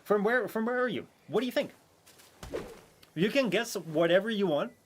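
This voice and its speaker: A native Dutch speaker from the Netherlands chats casually with viewers while streaming a game, rambling with lots of fillers and restarts. His voice is high-pitched and expressive at a normal pace, with a slight hiss or hum. His Dutch accent leans American.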